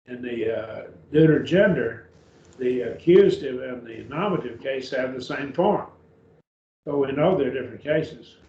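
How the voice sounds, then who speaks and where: Slow, deliberate man teaching in an echoey room. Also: mid-range voice, a little mellow. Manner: slow, deliberate, repeats and spells out words. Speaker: Greek teacher. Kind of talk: classroom lecture. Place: church classroom. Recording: echoey room, dull far-off mic, faint hiss.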